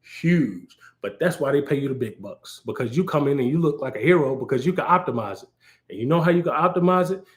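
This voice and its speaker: A man, a cloud architect, hosting a live Q&A in an animated, playful manner, acting out little scenes as he talks. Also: medium pitch, a little fast. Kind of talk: casual livestream talk. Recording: roomy echo.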